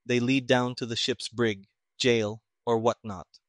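A man voicing a calm, polite male detective who speaks in a measured, courteous, low-key way, in a dry recording. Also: dry recording, natural voice. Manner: measured, courteous, soft-spoken.

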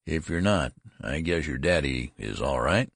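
Guy doing a cheeky shop clerk voice, talks down to a kid, raspy, audiobook. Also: a bass voice, animated, a little slow, no room sound, clean studio sound, exaggerated voice. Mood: mocking. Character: casual mocking tailor's clerk, male. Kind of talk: audiobook character voice.

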